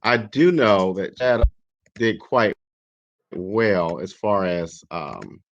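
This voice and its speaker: A man as a talk show guest, speaking in a measured, hesitant way with many pauses. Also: deep voice, lively intonation, a little hiss or hum. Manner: measured, hesitant, lots of ums. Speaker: guest commentator. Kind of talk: casual talk show discussion. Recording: dull lo-fi line.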